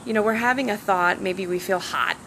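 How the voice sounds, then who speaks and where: Woman coach, bright and gravelly, animated live-stream talker, a little sore-throated, outside by the sea with faint background hum. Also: mid-range voice, brisk, rough recording. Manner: animated, acts out quoted dialogue. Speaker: self-love coach and hypnotherapist. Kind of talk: casual live-stream talk. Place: outdoors by the ocean.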